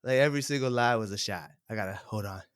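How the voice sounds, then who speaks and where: A young adult man co-hosting a podcast, chatting excitedly and laughing as he talks. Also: lowish voice, quick pace, smooth. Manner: excited, quotes lines, laughs often. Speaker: podcast co-host. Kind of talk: casual chat.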